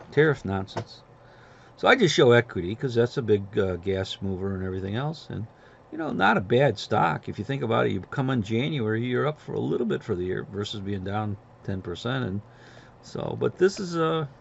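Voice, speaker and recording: Middle-aged man, low gravelly voice, blunt sarcastic market commentary, dull lo-fi recording. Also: slight background noise.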